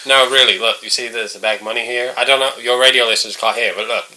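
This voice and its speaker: A bumbling, eager accountant played by a man, tripping over his words. His voice sounds very bright and sharp, with a keen edge. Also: mid-range voice, steady tone, quick pace, low-quality recording. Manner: bumbling, eager, repeats himself. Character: bumbling male accountant guest, eager and odd. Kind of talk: improvised comedy role-play.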